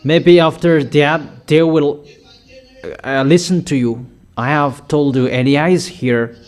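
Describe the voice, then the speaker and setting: Slow, high-voiced male preacher. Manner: slow, emphatic prophetic declarations. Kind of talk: sermon.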